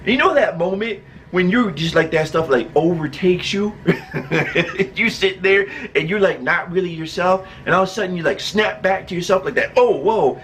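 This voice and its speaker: Man, high voice, casual storyteller, laughs often, acts out voices, faint background hiss. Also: moderate pace, fairly bright tone. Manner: laughs often while telling.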